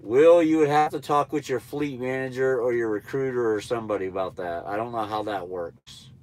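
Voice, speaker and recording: A man's voice: mid-range voice, brisk, a little mellow. Nasal man chatting on a live stream. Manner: laid-back, rambling, blunt. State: stuffy nose. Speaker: truck driver trainer livestreaming. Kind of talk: casual live-stream chat answering viewers.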